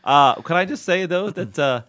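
A man co-hosting a casual podcast, bantering with quick interjections and frequent laughter. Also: high-pitched, lively intonation, a bit bright. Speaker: podcast co-host. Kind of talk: casual chat.

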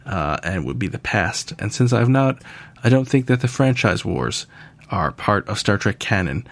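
Podcast host, American man, low gravelly voice, lively delivery, dry jokey asides. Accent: General American. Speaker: podcast host answering listener questions. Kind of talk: casual listener Q&A.

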